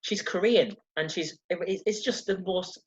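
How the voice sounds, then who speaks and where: A man's voice: sits high, moderate pace. A man hosting a casual chat, ranting with exaggerated sarcasm and plenty of swearing. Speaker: podcast host. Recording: dull lo-fi sound.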